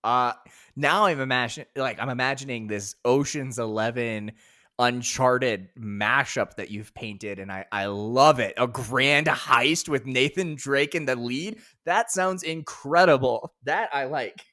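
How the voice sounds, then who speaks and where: A man co-hosting a casual gaming podcast, enthusiastic and quick to laugh. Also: medium pitch, pushed and bright, no echo, clean studio sound. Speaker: podcast co-host.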